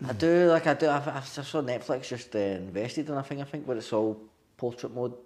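A man's voice: medium pitch, brisk, darkish tone. A man chatting as an interview guest, eagerly agreeing and peppering his talk with "man" and "definitely". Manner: enthusiastic, lots of "man" and "definitely". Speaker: filmmaker guest. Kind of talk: casual chat.

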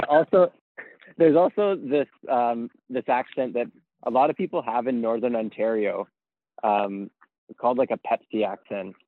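A man's voice: mid-range voice, normal speed, no echo. Male podcast guest, jokey and loose, heard on a thin phone-like call with no room sound. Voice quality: tinny, grainy audio. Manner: laughs often, loose and jokey. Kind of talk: casual chat. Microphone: remote call line. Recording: tinny phone-like remote call.

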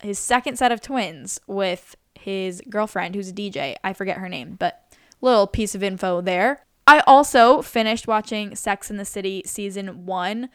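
A woman's voice: medium pitch, moderate pace, a bit bright, smooth, dry recording, clean studio sound. A woman of twenty-three chatting casually and gushing about what she has watched, full of "like" and "literally". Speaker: vlogger. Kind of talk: casual chat.

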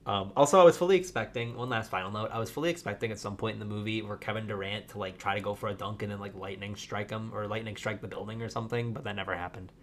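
A man co-hosting a podcast in casual chat, telling a story in a rambling, animated way full of fillers. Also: lowish voice, quick pace, a little hiss or hum. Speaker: podcast co-host.

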